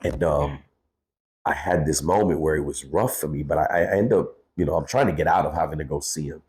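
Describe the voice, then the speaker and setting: Podcast guest, man in his 30s, very low voice, raw and candid storytelling. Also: brisk, darkish tone. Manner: candid, cursing freely, says "bro" often. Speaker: guest, hip-hop artist. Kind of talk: emotional personal storytelling.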